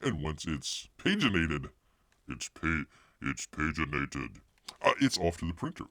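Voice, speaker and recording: A man's voice: extremely low pitch, sing-song, unhurried, sharp tone, no echo. A man hosting a casual livestream, rambling with jokey asides and calling himself by name in the third person. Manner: jokey asides and silly voices. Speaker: livestream host.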